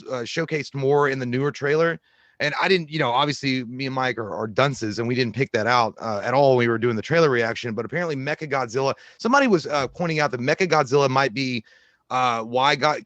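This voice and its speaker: A man co-hosting a movie podcast in easy, rambling chat, cursing as he goes. His voice sits a bit high for a man, and the sound is close and dry with no room echo. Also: fairly bright tone. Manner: laid-back, rambling, swears freely. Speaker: podcast co-host. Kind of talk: casual movie-news chat.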